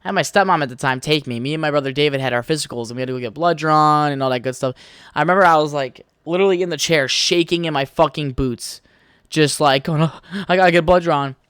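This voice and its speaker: Young male podcaster, crude rambling talk, smooth fairly high voice, dry close mic. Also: quick pace, a bit bright, dry recording. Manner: crude, rambling, swears freely. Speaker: podcast host. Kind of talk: casual solo podcast rambling.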